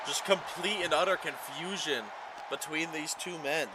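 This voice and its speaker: Guy doing wrestling play-by-play for a game, calls moves fast, gets loud on near-falls, noisy game audio behind. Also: a little high. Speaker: play-by-play commentator. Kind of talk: video game wrestling commentary.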